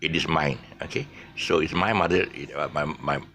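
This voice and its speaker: Deep, bright-toned Malaysian man teaching. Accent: Malaysian English. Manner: rambling, many restarts and tangents; drawls out long words slowly. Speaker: English teacher, channel host. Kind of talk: casual spoken lesson.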